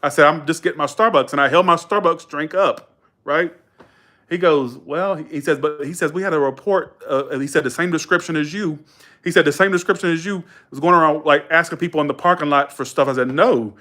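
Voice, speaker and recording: A man's voice: on the high side, fairly quick, sharp tone. Chatty man telling a story. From Georgia, USA. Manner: rambling, self-correcting, colloquial, quotes others in raised voice. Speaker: live streamer chatting with viewers. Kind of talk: casual chat and storytelling.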